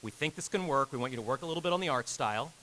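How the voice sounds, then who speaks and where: A man in his thirties telling an animated story on a convention panel, acting out the quotes with big jumps in pitch and laughing as he goes. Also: rapid-fire, a little hiss or hum, poor audio. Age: 30s. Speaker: game director on a convention panel. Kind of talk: animated storytelling to a live audience.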